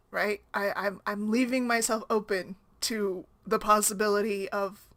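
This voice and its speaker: A woman's voice: medium pitch, fairly even intonation, unhurried, a bit bright. A woman talking casually to camera as a single-mom blogger, rambling and conversational, often tagging on "right?".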